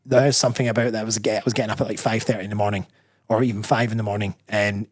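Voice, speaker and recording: A Scottish personal trainer and bodybuilder talks very fast in a lowish voice with little pitch movement. As a guest in a casual interview, he's candid and rambling, frequently restarting his sentences.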